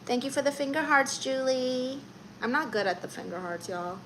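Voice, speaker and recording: A bright, lively woman chats casually on her live stream, reading out viewer comments and answering them playfully. Her voice sits a little high for a woman, and a faint ambient hum runs underneath. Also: normal speed. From Orlando, Florida. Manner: chatty, playful, reads viewer comments aloud.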